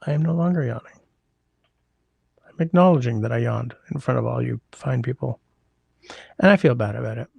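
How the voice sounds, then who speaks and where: A man hosting a casual livestream from a close mic, chatty and rambling with wry asides to his viewers. His voice is gravelly at a middle pitch, and the sound is dry and close. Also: fairly quick, pauses often, no echo, lo-fi sound. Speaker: livestream host reading chat.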